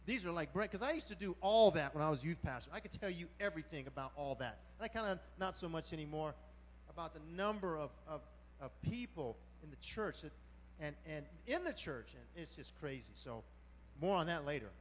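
A man preaching a sermon as pastor, animated and colloquial, with sudden exclamations. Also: fairly high pitch, fairly quick, long reverb tail, slight background noise.

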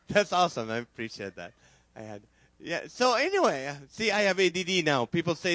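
A male preacher tells funny stories to his congregation, his voice swooping up and down as he jokes. He sits a little high for a man, and the recording is dry and close. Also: moderate pace, dry recording. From travels a lot, not from Texas. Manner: joking, animated storytelling to a crowd. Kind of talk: humorous sermon.

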